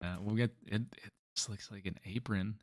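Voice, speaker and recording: A man hosting a casual let's-play, talking relaxed and explaining the game to his partner. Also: lowish voice, moderate pace, no room sound. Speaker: gaming channel host.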